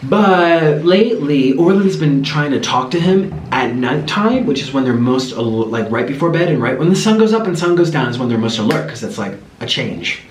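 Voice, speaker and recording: A man chatting casually to camera as a vlogger, rambling in an animated, talkative way. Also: on the high side, moderate pace, hardly any pauses, reverberant, slight background noise.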